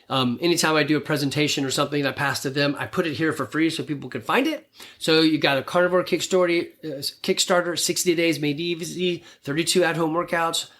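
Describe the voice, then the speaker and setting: A man's voice: on the high side, a bit bright. A man in his fifties hosting a podcast, giving an earnest, rambling motivational talk with frequent restarts. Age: 50s. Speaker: podcast host and gym owner. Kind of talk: casual motivational monologue.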